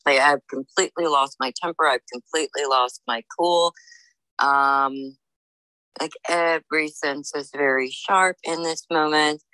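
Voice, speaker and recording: A woman working as a psychic medium, giving a reading in a halting, searching way with many fillers and restarts. She speaks in the first person as the people she senses. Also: low voice, pushed and bright, dry recording, rough recording. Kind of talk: intuitive reading monologue.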